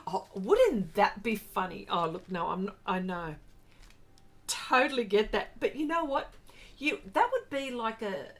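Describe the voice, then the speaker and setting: A woman's voice: mid-range voice, very animated, a little slow. An Australian woman hosting a casual art livestream, chatting and answering viewer comments in a rambling, friendly way. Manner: brightens and rises when greeting viewers.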